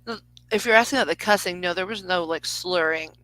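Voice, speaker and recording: A woman's voice: on the low side, quick pace, fairly bright tone, rough recording. Rambling woman giving a live psychic reading. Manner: rambling, self-interrupting, lots of fillers. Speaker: psychic reader. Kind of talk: live reading on a phone call.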